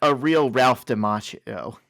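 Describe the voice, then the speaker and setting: A man co-hosting a podcast, chatting casually and dropping deadpan wisecracks. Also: mid-range voice, slow, creaky, no echo, clean studio sound. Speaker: podcast co-host. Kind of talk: casual chat.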